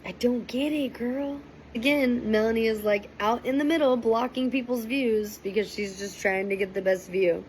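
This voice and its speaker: A young woman casually recapping and reacting to a TV episode, chatty and animated, with a faint hiss behind her. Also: on the high side, moderate pace, few pauses, rough recording. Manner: chatty, animated, quotes people in raised voices. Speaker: reaction commentator.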